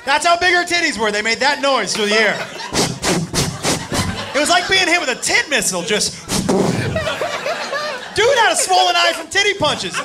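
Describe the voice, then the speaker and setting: A male stand-up comedian telling a profane story on a club stage, animated and acting out the people in it. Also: very high-pitched, brisk. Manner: animated, profane, acts out characters. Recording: noisy live club recording with loud crowd. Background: loud audience laughter.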